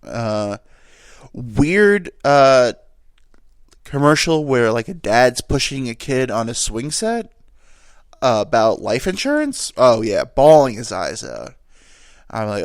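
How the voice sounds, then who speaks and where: A man's voice: mid-range voice, sing-song, slow pace, clean tone. A young man rambles through a solo podcast, joking crudely at his own expense. His voice swings up and down a lot as he talks. The sound is dry and close, with no room echo. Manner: rambling, self-deprecating, crude jokes. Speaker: podcast host. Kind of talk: casual solo podcast monologue.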